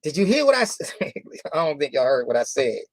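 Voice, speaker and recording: A man's voice: a little high, sing-song, no echo. A man, a company founder, telling a motivational story to members, repeating phrases for emphasis and asking the audience rhetorical questions. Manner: repeats phrases for emphasis, drawn-out key words.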